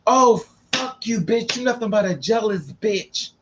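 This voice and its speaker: A man's voice: animated, a little slow, a bit bright, a little hiss or hum. A man voicing a furious young woman who hurls curses and threats in a story he is telling. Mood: enraged. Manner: shrill, cursing, threatening.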